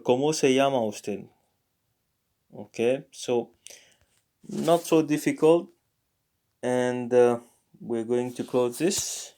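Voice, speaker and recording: Male language teacher, unhurried, halting delivery full of fillers. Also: medium pitch, darkish tone. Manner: hesitant, many fillers and self-corrections. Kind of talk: casual spoken lesson, reading examples aloud.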